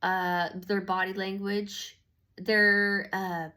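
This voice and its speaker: A woman's voice: medium pitch, level tone, extremely slow, pushed and bright. A woman giving a casual tarot reading, slangy and profane, rambling with lots of fillers and restarts. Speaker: tarot reader.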